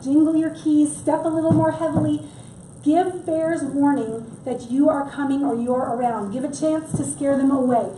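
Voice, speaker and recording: This wildlife presenter, a middle-aged woman, leads a chatty public workshop and tosses in humorous asides. Her voice is high-pitched and a little mellow. The recording has some hiss or hum, an echoey room, and a far-off microphone.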